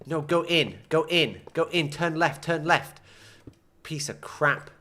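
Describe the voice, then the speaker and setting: A man's voice: a little high, takes it slowly, bright, forceful tone. A young man commenting casually on his own gameplay, muttering to himself and breaking into frustrated outbursts. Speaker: gaming streamer.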